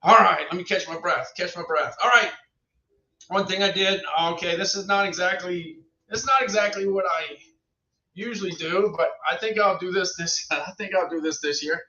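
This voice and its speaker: High, bright-voiced man rambling on a livestream. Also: normal speed. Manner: rambling, repeats phrases, chats to viewers. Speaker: livestream host reviewing products. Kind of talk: casual livestream chat. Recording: roomy, distant, dull lo-fi sound.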